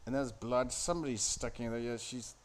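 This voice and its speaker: A man's voice: mid-range voice, fairly even intonation, brisk. Crude sardonic man rambling over a film. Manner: sardonic, crude, profane, off-the-cuff. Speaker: host commenting on a film. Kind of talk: casual rambling commentary.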